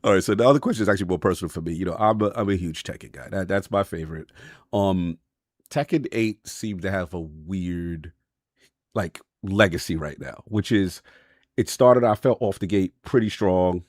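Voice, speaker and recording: Lower-voiced man hosting a podcast. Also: moderate pace, dry recording, clean studio sound. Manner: relaxed, chatty, affirms often. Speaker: podcast host. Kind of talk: casual podcast chat.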